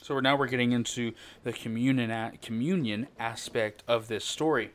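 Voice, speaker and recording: A man preaching an informal sermon, conversational and halting, with many fillers and restarts, acting out quoted lines. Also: medium pitch, steady tone. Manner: acts out quoted lines with raised voice.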